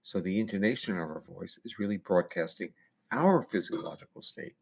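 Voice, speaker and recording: A man's voice: sits low, expressive, normal speed, vocal fry, a little hiss or hum. A man guest on an interview, giving long explanations of research in a lecturing way with casual fillers. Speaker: neuroscientist guest.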